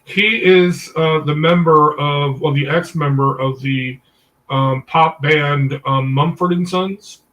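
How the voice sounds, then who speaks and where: A man with a somewhat high voice, heard from a little way off the microphone. He rambles through his story with many fillers and halts to fix his own details as he goes. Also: steady tone, takes it slowly, a bit bright, slight background noise. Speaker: discussion group leader. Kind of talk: rambling casual discussion. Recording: voice distant from the mic.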